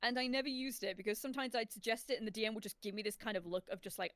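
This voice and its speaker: A woman's voice: a little high, very animated, quick pace, fairly bright tone. Chatty woman rambling with laughs. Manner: rambling storyteller, laughs often. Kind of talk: casual chat.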